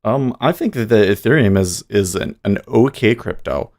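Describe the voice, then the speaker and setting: A man hosting a day-trading livestream, talking casually in a rambling, halting way with many restarts. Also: lowish voice, lively intonation, darkish tone.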